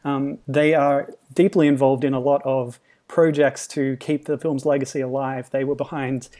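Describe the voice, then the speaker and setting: A man in easy podcast conversation, sharing movie trivia in a relaxed, chatty way. His pitch sits in the ordinary middle, and a small chuckle slips in between points. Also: normal speed. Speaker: podcast co-host. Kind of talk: casual chat.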